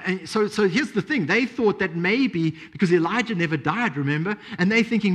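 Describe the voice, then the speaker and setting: A male preacher with a fairly high voice delivering a sermon. He talks in an animated way, repeats his key points and checks in with rhetorical questions. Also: moderate pace.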